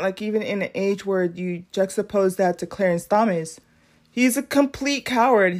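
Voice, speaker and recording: A woman's voice: medium pitch, a little mellow. A woman hosting a podcast, talking casually and reacting to news clips, often addressing her listeners directly. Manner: chatty, addresses listeners as y'all. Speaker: podcast host.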